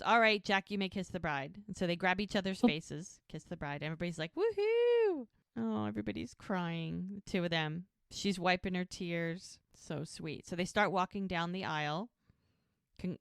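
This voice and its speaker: A woman's voice: on the low side, fairly even intonation, moderate pace, a bit bright, clear, resonant tone, dry recording, clean studio sound. A woman co-hosting a podcast, casually retelling a TV episode scene by scene, acting out the characters' lines and laughing often. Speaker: podcast co-host recapping a TV episode. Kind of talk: casual chat.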